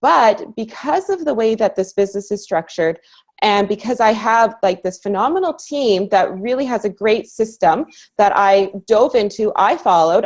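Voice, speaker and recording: A woman in her thirties from Canada tells her own story as a call guest. Her voice sits at a middle pitch, and she speaks with earnest enthusiasm. She often slips in a "you know" and laughs easily. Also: darkish tone. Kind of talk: personal story in casual conversation.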